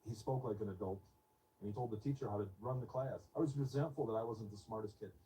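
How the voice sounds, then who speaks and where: A man in his fifties telling a personal story in an interview, soft, reflective and a little hesitant. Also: fairly low pitch, fast, far from the mic, slight background noise, rough recording.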